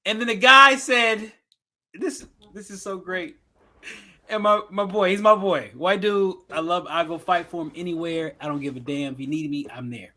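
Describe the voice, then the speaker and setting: A man's voice: high voice, normal speed, bright, forceful tone. A man co-hosting a podcast, telling stories in casual banter and breaking into laughs. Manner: loose, joking storyteller who breaks into laughter. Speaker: podcast co-host.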